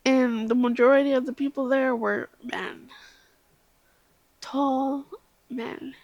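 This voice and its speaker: Young female vlogger, tipsy casual storyteller, self-deprecating, high voice, dry close sound. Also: steady tone, takes it slowly, a little mellow, no room sound, highs cut off. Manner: rambling, self-deprecating, with laughs and asides; tipsy, slips into whispers.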